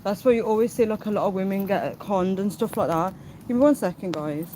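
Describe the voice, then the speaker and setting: A woman's voice: medium pitch, brisk, warm tone, a little hiss or hum, rough recording. A woman live-streaming as she walks, chatting casually with viewers, reading out their comments and getting out of breath. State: out of breath from walking.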